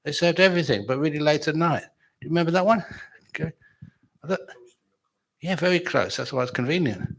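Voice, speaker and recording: A man's voice: fairly high pitch, expressive, a little fast, pauses often. A man giving a chatty, humorous dharma talk at a retreat, telling stories and laughing with his audience. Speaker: meditation teacher.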